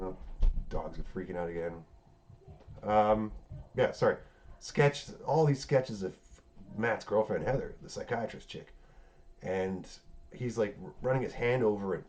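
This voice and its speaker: The recap continues in his lowish voice with its darkish tone. The recording is dull and lo-fi, and the casual chat rambles on, full of swearing and filler words.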